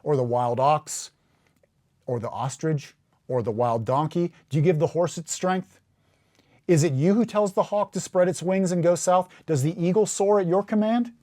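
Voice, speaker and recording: Man, podcast host, casual Bible teacher, chatty, animated, slows down for dramatic scripture readings. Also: a little high. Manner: chatty and animated, bursts of laughter and emphatic rises.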